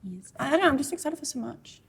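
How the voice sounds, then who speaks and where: A woman's voice: high-pitched, animated, fast talker, vocal fry, fairly bright tone. A woman with an Australian accent, co-hosting a podcast in casual chat, bubbly and rambling. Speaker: podcast co-host, photographer.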